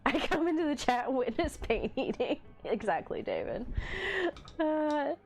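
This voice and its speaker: Woman stream host, unhurried, teasing chat banter with lots of laughter, animated pitch, faint music underneath. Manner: laughs often, playful teasing reactions to chat. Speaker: livestream host. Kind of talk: casual chat reading live chat.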